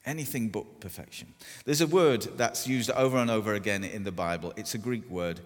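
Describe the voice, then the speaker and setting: A man preaching a sermon, telling stories with self-deprecating humour and deliberate pauses. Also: lowish voice. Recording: long hall reverb.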